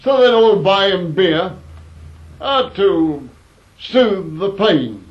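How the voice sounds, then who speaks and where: A man's voice: high voice, animated, drawn-out words. A man telling old anecdotes in a wry, rambling way, in a dull lo-fi recording. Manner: wry, rambling, with fillers and restarts. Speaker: storyteller. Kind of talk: anecdotal storytelling.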